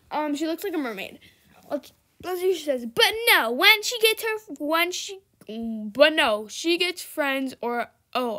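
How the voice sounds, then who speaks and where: A young woman giving casual, giggly commentary over her own gameplay, chatty and shifting between loud squeals and quiet mutters. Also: on the high side. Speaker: gaming video creator.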